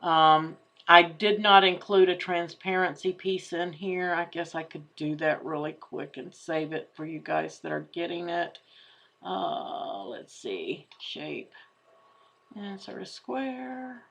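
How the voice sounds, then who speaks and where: Casual woman host, slightly low voice, talks through each click of a craft tutorial. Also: level tone, unhurried, creaky, fairly bright tone. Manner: chatty, thinking aloud while clicking. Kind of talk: screen-share craft tutorial.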